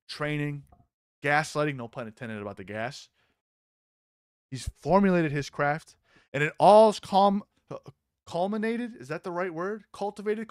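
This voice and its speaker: A man hosting a casual live-stream commentary, excitable and mocking, swearing freely. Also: fairly high pitch, dry recording, studio quality.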